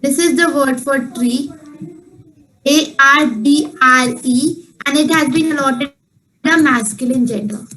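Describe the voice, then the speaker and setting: A woman who teaches French patiently, explaining step by step and repeating words slowly. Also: sits high, a bit bright, a little hiss or hum, poor audio. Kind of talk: one-on-one online language lesson.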